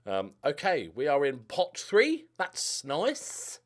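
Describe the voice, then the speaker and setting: A man's voice: fairly high pitch, takes it slowly. Chatty man muttering over a game. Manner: rambling, mutters to himself, lively ups and downs. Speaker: gaming YouTuber. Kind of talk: casual game commentary.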